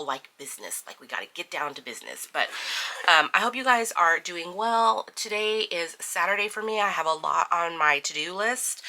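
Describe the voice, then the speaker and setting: A woman's voice: low-pitched, sharp tone. A middle-aged woman hosting a budgeting channel, chatting casually with many fillers while counting out cash. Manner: chatty, filler-heavy, counts money aloud.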